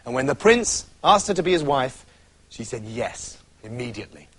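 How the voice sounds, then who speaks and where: A man's voice: medium pitch, very animated, moderate pace, fairly bright tone. A man narrating a comic fairy tale in a playful, theatrical way. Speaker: storyteller.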